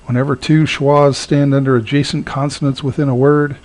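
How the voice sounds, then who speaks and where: A man teaching a recorded lesson, halting with frequent fillers and repeating words slowly to model their sound. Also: mid-range voice, level tone, darkish tone. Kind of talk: recorded lecture.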